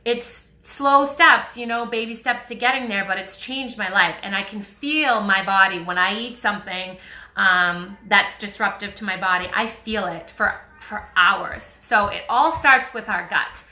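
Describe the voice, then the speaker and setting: A woman's voice: mid-range voice, measured pace, bright, forceful tone. A woman with a Boston accent hosting a chatty, upbeat live stream, answering viewer comments with frequent ums. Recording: roomy echo.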